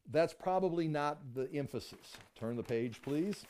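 A man's voice: on the high side, expressive, measured pace, few pauses, darkish tone. A man teaching a Bible study class, thinking aloud and restarting his sentences often as he explains a passage to the group.

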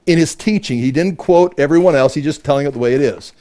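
A man's voice: fairly high pitch, fast talker, warm tone. A man leading a Bible study, conversational and full of rhetorical questions. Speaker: Bible teacher.

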